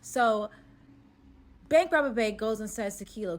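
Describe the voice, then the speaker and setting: A woman's voice: unhurried, pauses often. A woman telling a dramatic personal story in a casual storytime, acting out what everyone said. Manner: animated, acts out quotes with shifting pitch and volume.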